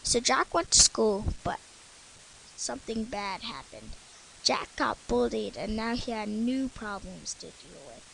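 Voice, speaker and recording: Halting woman reading a story. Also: on the high side, lively intonation, vocal fry, fairly bright tone, a little hiss or hum, poor audio. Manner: halting, with restarts and fillers. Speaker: story reader. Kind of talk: reading own written stories aloud.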